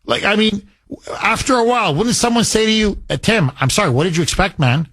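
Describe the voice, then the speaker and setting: A man's voice: high-pitched, animated, brisk, a bit bright, no room sound. A man hosting a talk radio show, speaking emphatically and building heat as he argues.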